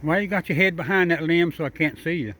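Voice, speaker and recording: A man's voice: on the high side, fast talker, fairly bright tone. An older man, outdoors in his backyard, talking fondly to a squirrel and rambling to the camera. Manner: drawling, chuckling, rambling, talks sweetly to the squirrel. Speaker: backyard vlogger feeding squirrels. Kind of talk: casual talk to animals and camera.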